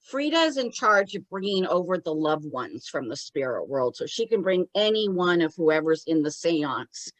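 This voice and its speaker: Brief: woman podcast co-host, lowish voice with a lively pitch, casual and responsive. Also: normal speed, few pauses, low-quality recording. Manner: responsive, adds short agreements and explanations. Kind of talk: casual chat.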